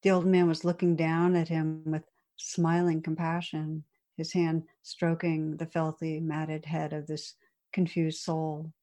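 A woman meditation teacher telling a story in a dharma talk, gentle and unhurried, with soft pauses. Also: deep voice, monotone.

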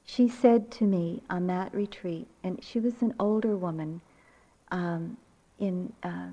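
Slow-spoken older woman teaching meditation. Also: on the low side, warm tone. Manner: reflective, unhurried storytelling. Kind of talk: dharma talk. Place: retreat center meditation hall. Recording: muffled lecture recording.

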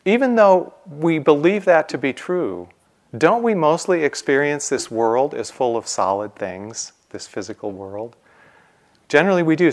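A man teaching meditation in a relaxed dharma talk, asking the listeners rhetorical questions. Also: medium pitch. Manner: conversational, asks rhetorical questions. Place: retreat center.

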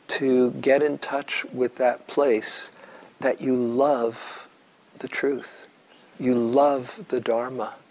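A man giving a dharma talk to retreat students, telling stories in a slow, reflective way with long pauses. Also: medium pitch, poor audio. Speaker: meditation teacher.

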